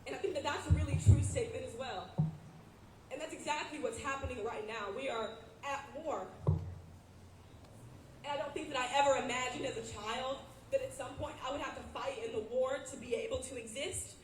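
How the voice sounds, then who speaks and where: A woman's voice: sits high, normal speed, a little mellow. A young woman in her twenties, a student leader, giving an emotional, earnest personal speech at an outdoor rally. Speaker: student body president. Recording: echoey outdoor sound with background noise.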